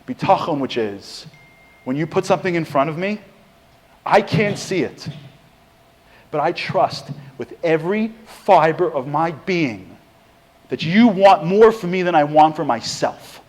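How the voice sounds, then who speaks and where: A middle-aged man preaches through a long story, his pitch rising and falling in big swings. His voice sits a little high for a man, and he acts out each quote with more and more drive. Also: animated, unhurried, darkish tone. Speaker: speaker giving a Torah talk. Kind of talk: storytelling sermon.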